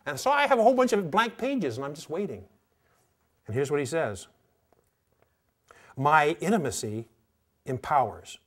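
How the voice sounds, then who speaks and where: A man teaching a Christian class, talking in a relaxed, conversational way and reading his own journal entries aloud with pauses. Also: on the high side. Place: teaching session at a training institute.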